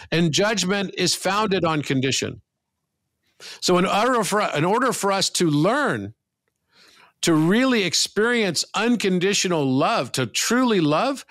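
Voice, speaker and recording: Higher-voiced man, earnest podcast guest. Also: fairly bright tone. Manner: earnest, emphatic, swears casually. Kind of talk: reflective conversational talk.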